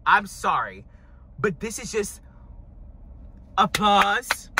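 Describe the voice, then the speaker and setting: A man talking in a dramatic, gushing reaction vlog, his voice hoarse from screaming. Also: sits high, very animated, moderate pace, very noisy. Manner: dramatic, gushing, over-the-top. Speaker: music reviewer.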